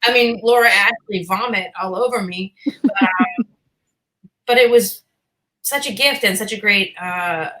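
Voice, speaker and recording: A woman's voice: medium pitch, unhurried, long pauses, pushed and bright, low-quality recording. A woman in her fifties from Boston, an actress chatting as an interview guest, self-deprecating and casual, with the odd swear. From Boston, USA.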